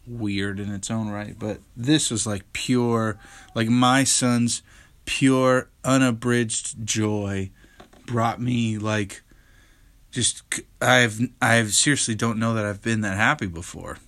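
A man's voice: lowish voice, steady tone, slow pace, a bit bright. Rambling tired young man podcasting. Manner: rambling, candid, self-interrupting with fillers. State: tired, yawning. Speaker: podcast host. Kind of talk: casual solo podcast chat.

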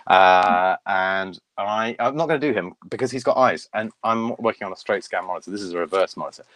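Enthusiastic low-voiced puppeteer guest. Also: male voice, fairly quick, a bit bright. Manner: chatty, enthusiastic, self-deprecating. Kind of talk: casual interview on video call. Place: home loft.

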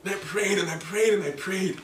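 A man preaching a sermon with passion, rising to high, emotional pleas. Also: fairly quick, fairly bright tone, slight background noise. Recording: echoey room from a distance.

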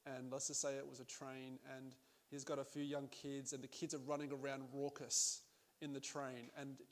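A man's voice: mid-range voice, level tone, moderate pace. A man preaching a sermon in a conversational way, with laughing asides and frequent restarts.

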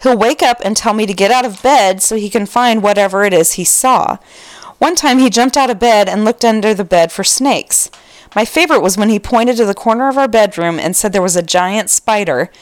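A woman's voice: mid-range voice, brisk, no room sound. A woman co-hosting a podcast, casually reading out listener stories and laughing between them. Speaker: podcast co-host.

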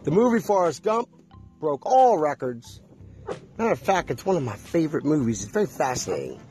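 Emphatic, high-voiced man monologuing. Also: a little mellow. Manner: emphatic, repetitive, preachy, asks the audience questions. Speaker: vlogger. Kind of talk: casual monologue to camera.

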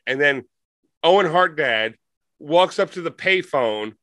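A man co-hosts a podcast and spins a rambling, playful comic story. His voice is bright and a little high. The sound is dry and close to the mic. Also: expressive, measured pace, no echo. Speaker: podcast co-host. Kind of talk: casual comedic storytelling.

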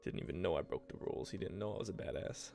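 A man's voice: low-pitched, lively intonation, quick pace, creaky, mellow, faint music behind. A young man hosting his own podcast, telling childhood stories in a rambling, profane, self-mocking way into a home mic. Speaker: podcast host. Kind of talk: casual rambling storytelling. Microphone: home desk mic.

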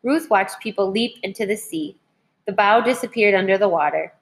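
A woman teacher reading a children's history book aloud in a clear, measured way. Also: medium pitch, lively intonation.

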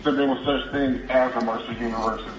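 A man's voice: mid-range voice, level tone, fast talker. A man delivering a profane, mocking rant in a played-back clip. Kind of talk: ranting voicemail clip. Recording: roomy, dull played-back clip with faint music.

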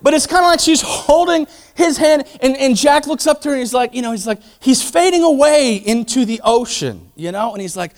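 High-pitched, animated male preacher. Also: moderate pace, hardly any pauses. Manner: animated, acts out quoted voices, swings from loud to hushed. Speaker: pastor. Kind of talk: sermon.

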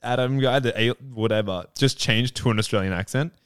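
A man's voice: mid-range voice, fairly quick, a bit bright, smooth, dry recording, clean studio sound. A man co-hosting a podcast, rambling and leaning heavily on filler words. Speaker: podcast co-host. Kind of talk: casual podcast chat.

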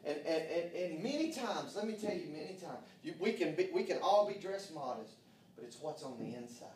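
Pastor man preaching, kinda high voice, roomy echo, mic's off a ways. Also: expressive, fairly quick, a little mellow, a little hiss or hum. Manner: folksy, fervent preaching with frequent amens. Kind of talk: sermon. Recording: roomy echo, distant from mic.

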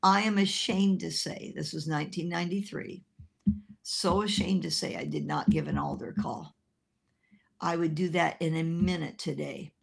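A woman minister telling an animated personal story in a sermon, laughing as she talks. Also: lowish voice, normal speed, gravelly.

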